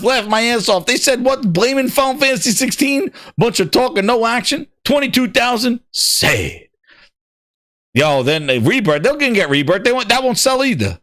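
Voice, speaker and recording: A man hosting a gaming show, ranting with constant swearing and excited repetition. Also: very high-pitched, moderate pace, no room sound, studio quality. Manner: excitable, swears heavily, repeats himself. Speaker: podcast host. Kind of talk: profane ranting gaming commentary.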